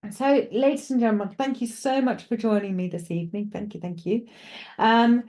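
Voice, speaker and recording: Reassuring Welsh woman with a mellow voice. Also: a little high, a little fast. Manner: reassuring, chatty, rambling. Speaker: psychic medium presenter. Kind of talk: live call-in reading on TV.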